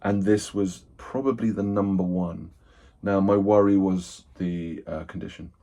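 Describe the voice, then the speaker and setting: A man's voice: low-pitched, steady tone, unhurried, warm tone. A man chatting casually and rambling as he unboxes and sorts a haul of old books, thinking aloud and poking fun at himself. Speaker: book collector, channel host.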